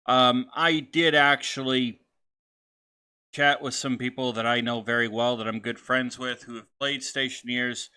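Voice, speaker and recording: A man narrating his own game session in a loose, chatty let's-play style. His voice is bright and clear, with plenty of fillers and restarts as he wanders from one thought to the next. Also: medium pitch, steady tone, a little slow. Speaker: gaming channel host.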